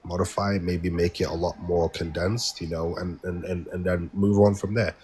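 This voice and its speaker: English man, debate guest, deep, stumbling repeats, faint hiss on the line. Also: level tone, normal speed, a little mellow, poor audio. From England. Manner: hesitant, repeats words, interrupts. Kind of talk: heated online debate.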